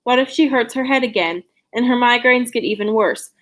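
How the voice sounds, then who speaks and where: A woman's voice: on the high side, brisk, fairly bright tone, natural voice. A woman voicing an anxious, bossy teenage girl in a novel read aloud, scolding and fretful. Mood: worried.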